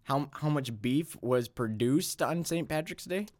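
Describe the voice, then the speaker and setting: Playful male host, lively delivery, dry close sound. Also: mid-range voice, unhurried, no echo. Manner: joking, playful, self-deprecating. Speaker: podcast host. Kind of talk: casual comedic chat. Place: blanket fort.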